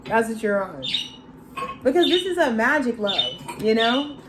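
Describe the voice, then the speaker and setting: A woman's voice: a little high, big pitch swings, measured pace, background noise. A woman giving a casual, channeled tarot reading, slangy and loose, calling listeners bro and laughing often. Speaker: tarot reader.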